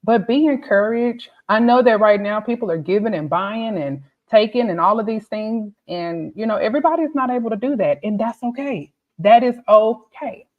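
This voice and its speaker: A woman's voice: mid-range voice, lively intonation, a little fast, few pauses. Encouraging woman tutor, lo-fi sound. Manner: warm, motivational, conversational with frequent "okay?" and "right?". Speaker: pharmacy tutor. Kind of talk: encouraging talk to students.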